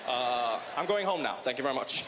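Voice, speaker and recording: A man doing a halting president impression. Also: mid-range voice, lively intonation, echoey room, big-room sound, background noise, pitched below the performer's own voice, lightly acted. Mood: evasive. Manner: halting, with many drawn-out pauses.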